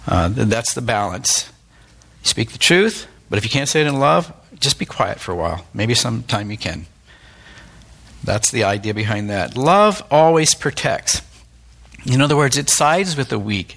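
A man's voice: medium pitch, gravelly, a bit bright. A middle-aged man, a pastor, giving a candid, plain-spoken, conversational sermon with self-deprecating asides.

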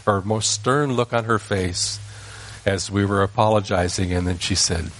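An older man with a lowish voice tells a family story from his boyhood. He speaks in a folksy, unhurried way and sometimes pauses to correct himself mid-sentence. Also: fairly even intonation, a bit bright. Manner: folksy, unhurried, with small restarts. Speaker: grandfather telling a family story. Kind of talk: personal storytelling.

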